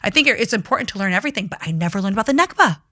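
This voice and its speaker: A woman talking as a guest in a casual interview, animated and emphatic as she tells her story. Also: mid-range voice, very fast, no echo, clean studio sound. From United States.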